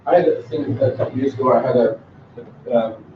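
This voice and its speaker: A man's voice: medium pitch, fairly even intonation, brisk. A man presenting a seminar to English teachers, telling classroom stories in a chatty way with many restarts. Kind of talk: conference seminar talk. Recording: roomy, distant, dull lo-fi with faint noise.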